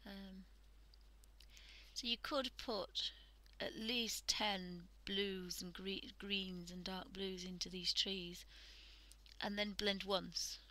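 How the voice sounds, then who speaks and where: A woman's voice: mid-range voice, fairly even intonation, slow, low-quality recording. A woman from the UK hosting a live art stream, talking casually and often half-whispering as she demonstrates drawing. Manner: soft, often half-whispered while working, chatty with fillers. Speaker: art livestream host.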